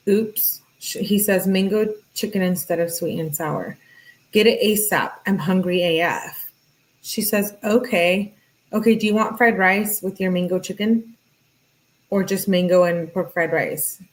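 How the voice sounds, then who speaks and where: A woman reading text messages aloud, alternating between the two people in the chat and breaking off with casual asides and quick reactions. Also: medium pitch, low-quality recording. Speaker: true crime commentator.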